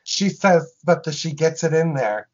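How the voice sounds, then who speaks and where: A woman's voice: low voice, lively intonation, measured pace, darkish tone. A woman co-hosting a podcast, chatting casually and emphatically as she recaps a TV episode. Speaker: podcast co-host. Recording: dull lo-fi sound.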